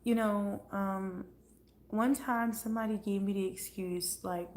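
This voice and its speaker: A woman's voice: medium pitch, fairly even intonation, measured pace, darkish tone, slight background noise. A woman chatting casually on a livestream, blunt and profane. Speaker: livestream host.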